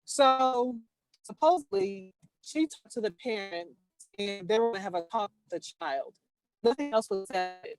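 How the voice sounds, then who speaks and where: A woman telling a personal story over a video call, earnest and halting, restarting her sentences. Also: mid-range voice, expressive, no room sound, faint music behind. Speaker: caller sharing a story.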